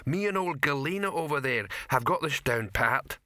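A man voicing a dim, boastful male troll who works as a bit-part actor, with slow, rough, chummy speech. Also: fairly high pitch, animated, sharp tone, no echo, studio quality, pitched above the performer's own voice. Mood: reassuring.

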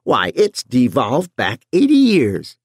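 A man's voice: huge pitch swings, slow pace, slightly rough, dry recording, studio quality, exaggerated voice. A man doing a brassy bellowing TV housewife. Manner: bellowing, pushy sales pitch. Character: brassy loud middle-aged female TV housewife.

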